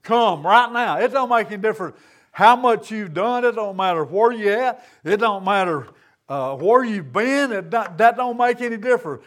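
High-pitched guy preaching, earnest and folksy, voice swells up and drops back down. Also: moderate pace, a bit bright. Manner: earnest, rising and falling preaching cadence with folksy grammar. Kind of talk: sermon.

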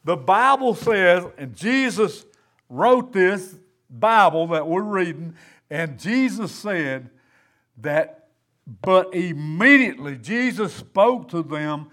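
Preacher guy, pretty high voice, chatty folksy sermon in church. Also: lively intonation, unhurried, fairly bright tone. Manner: folksy, conversational preaching with Southern phrasing. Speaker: pastor.

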